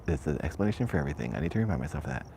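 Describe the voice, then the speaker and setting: A man's voice: extremely low pitch, lively intonation, very fast, vocal fry, warm tone, a little hiss or hum. A man streaming a nervous night walk through a cemetery, rambling and half-whispering into a shirt mic. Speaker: vlogger. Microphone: shirt lapel mic.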